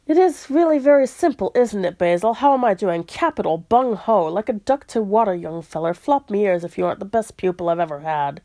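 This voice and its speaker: A woman's voice: medium pitch, fairly quick, a little mellow, dry recording, natural voice. A woman voicing a blustering old male hare soldier who talks in hearty, old-fashioned officer's slang while reading a storybook aloud. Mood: jaunty.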